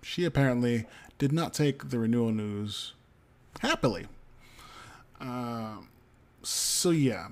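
A man's voice: mid-range voice, a little mellow. A man co-hosting a podcast, reading entertainment news aloud with frequent ums and casual asides. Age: adult parent of a young child. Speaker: podcast co-host.

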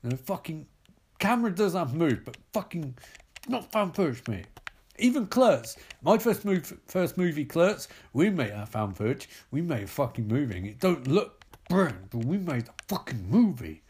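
A man putting on a profane, ranting film director who jumps sharply up and down in pitch. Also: big pitch swings, moderate pace, darkish tone, breathy edge, full character voice. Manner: profane, emphatic rant with big pitch jumps.

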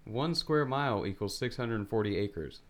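A man's voice: lowish voice, lively intonation, normal speed. A laid-back man on a casual podcast who chimes in with short replies and looks things up. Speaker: podcast co-host.

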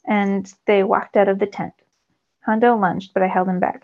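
Teacher lady reading a novel aloud for her class, some vocal fry, kinda muffled. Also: mid-range voice, normal speed. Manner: steady first-person storytelling. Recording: slightly dull lo-fi recording.

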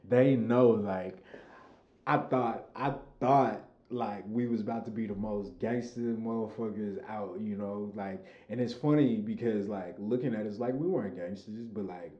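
A man's voice: fairly low pitch, moderate pace, roomy sound, highs cut off. A young man from Chicago, a recording artist talking casually as a podcast guest, loose and laid-back, swearing freely. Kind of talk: casual conversation.

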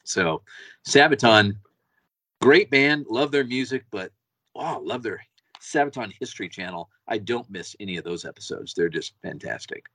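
A man's voice: on the low side, lively intonation, normal speed, fairly bright tone, dry recording. A man co-hosting a podcast, chatting casually and enthusiastically, often repeating words as he goes. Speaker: podcast co-host. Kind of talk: casual chat.

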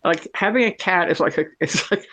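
A middle-aged woman telling a story in casual chat, chatty and animated, laughing often. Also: on the low side, fairly quick. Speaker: cat owner telling a story.

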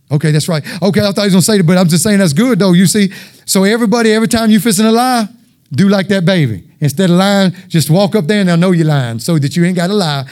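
A man delivers an animated, folksy sermon in a church, his voice pitched a bit high for a man. He talks straight to the congregation and acts out voices and sounds as he goes. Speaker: preacher.

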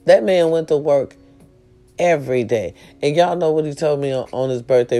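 Over soft background music, a woman vlogger gives an animated, moderately paced pep talk to the camera in a mellow bass voice. Earnest and chatty, she slips into preaching and often asks her viewers, "you understand me?"

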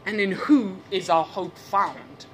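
Male preacher, non-native english speaker, high voice, animated sermon, faint rumble behind. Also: slow pace. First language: not English. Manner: animated, laughing asides, repeats rhetorical questions. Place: church service.

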